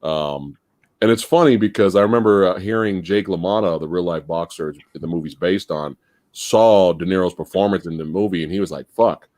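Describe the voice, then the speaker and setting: A man hosting a casual movie podcast, talking in an animated way and laughing as he goes. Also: deep voice, brisk, no echo, clean studio sound. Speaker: podcast host.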